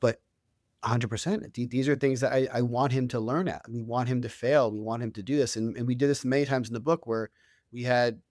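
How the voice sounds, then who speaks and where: Chatty dad telling a story. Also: male voice, medium pitch, steady tone, fairly quick, a little mellow, no echo, clean studio sound. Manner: conversational, many restarts and fillers. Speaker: guest, author and youth coach. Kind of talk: casual interview storytelling.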